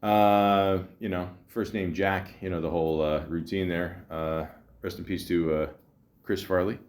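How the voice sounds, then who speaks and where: A man's voice: sits low, steady tone, unhurried. A man hosting a casual solo podcast, rambling and sarcastic, full of fillers and restarts as he reads out and mocks scam texts. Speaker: podcast host. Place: home in a city, street sounds outside.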